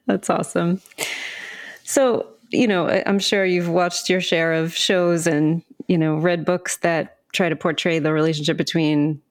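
A woman's voice: lowish voice, fairly even intonation, unhurried. A woman hosting a podcast interview, asking questions in a friendly, conversational way. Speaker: podcast host. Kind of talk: casual interview.

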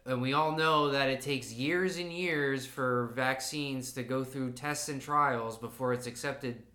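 A man's voice: medium pitch, fairly even intonation, unhurried, sharp tone, reverberant. A man co-hosting a podcast in casual chat, talking loosely with many "like"s. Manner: chatty, full of "like". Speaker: podcast co-host.

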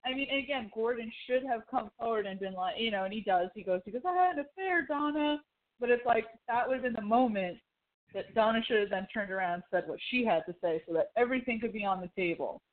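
A woman co-hosting a casual podcast, retelling scenes from a TV show in an animated, chatty way and acting out the characters' lines. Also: medium pitch, quick pace. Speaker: podcast co-host. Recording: phone-like narrow sound.

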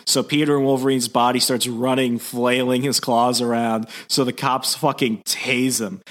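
A young man co-hosting a casual podcast, retelling a comic's plot and jumping into loud, high impressions of the characters. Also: level tone, moderate pace, hardly any pauses. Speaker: podcast co-host recapping comics.

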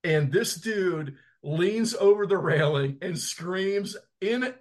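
A man co-hosting a wrestling podcast, telling stories in an animated way and laughing often. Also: high voice, slow pace. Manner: animated, laughing, emphatic storyteller. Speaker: podcast co-host. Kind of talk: casual chat.

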